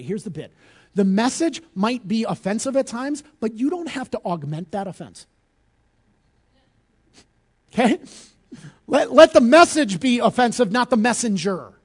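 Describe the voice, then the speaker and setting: A man preaching a sermon as pastor, earnest and direct, rising to emphatic peaks and dropping low.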